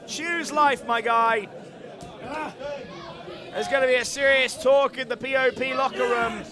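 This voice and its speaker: A man calling a wrestling match live, excitable and joking, often shouting over the action. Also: very high voice, measured pace. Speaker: wrestling commentator. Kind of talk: live play-by-play commentary. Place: indoor wrestling venue. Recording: loud live crowd and arena noise.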